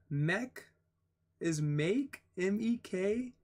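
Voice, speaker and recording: A young man reading a textbook aloud with casual asides, pausing to spell out words letter by letter and getting excited over odd spellings. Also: fairly high pitch. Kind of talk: casual read-aloud with commentary.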